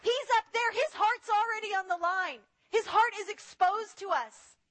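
High, bright-voiced woman preaching. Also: normal speed. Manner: animated, acts out quoted voices. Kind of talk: sermon.

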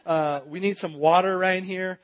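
High-voiced, playful male seminar instructor. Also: steady tone, normal speed. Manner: playful, joking with the audience. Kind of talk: interactive teaching seminar. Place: church.

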